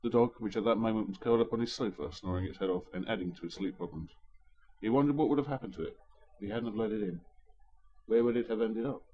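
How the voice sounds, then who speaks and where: A man's voice: lowish voice, fast, muffled recording. A man narrating a story in a dry, wry manner.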